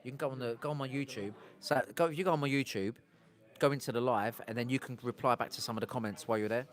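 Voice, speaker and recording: Medium-pitched and fast, a man from England streams casually from outside on a street. He talks in a rambling way, keeps interrupting himself, and breaks off to chat with his viewers.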